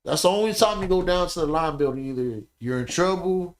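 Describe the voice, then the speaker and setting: A man talking as a podcast guest, telling animated, profane stories and often asking "you know what I'm saying". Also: high-pitched, a little fast, a little hiss or hum. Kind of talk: casual podcast conversation.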